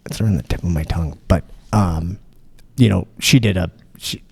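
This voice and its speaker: A man's voice: deep voice, normal speed, creaky, a little mellow, husky, no echo. A man hosting a podcast in casual chat. He rambles, swears freely and restarts his sentences. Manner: rambling, profane, many restarts. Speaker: podcast host.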